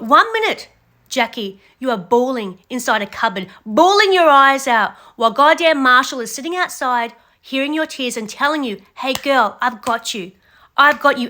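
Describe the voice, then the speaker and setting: Young female commentator, high and bright, blunt scolding rant. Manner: blunt, scolding, addresses the contestant directly. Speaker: reaction commentator. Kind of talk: ranting reality show commentary.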